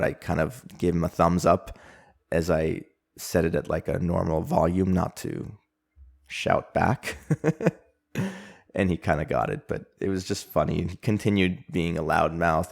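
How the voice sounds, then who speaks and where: A man's voice: sits low, gravelly. A young man with a Canadian accent hosting a casual solo podcast, telling stories in a rambling way with lots of fillers and little chuckles. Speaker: podcast host.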